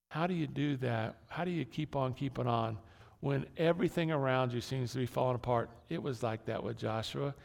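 Gravelly preacher in a reverberant hall. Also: male voice, fairly high pitch. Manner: conversational preaching with repeated phrases and restarts. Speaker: pastor. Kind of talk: sermon. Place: church sanctuary.

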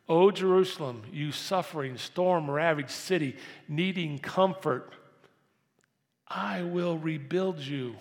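Gravelly male pastor in a reverberant church. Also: mid-range voice. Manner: preaches with swings between hushed and loud emphatic passages. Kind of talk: sermon. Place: church sanctuary. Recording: long reverb of a church hall.

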